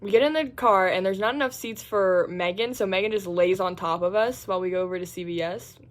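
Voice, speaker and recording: A woman's voice: medium pitch, brisk. Chatty young woman telling a story. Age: young adult. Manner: chatty, heavy use of "like"; acts out quotes in squeals and groans. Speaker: college student vlogger. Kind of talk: casual storytelling vlog.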